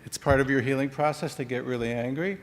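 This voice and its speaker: A man's voice: medium pitch, quick pace. A man giving a conference talk in a conversational way, acting out short example dialogues. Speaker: conference speaker. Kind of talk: conference presentation. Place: conference hall. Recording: long reverb of a hall.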